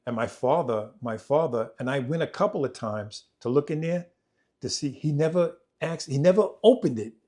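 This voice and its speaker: A man telling his own life story on a podcast, swinging between loud, animated moments and quiet, low passages, often repeating himself as he goes. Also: moderate pace. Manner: vivid, repetitive retelling that acts out family members' voices. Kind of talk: personal storytelling in conversation.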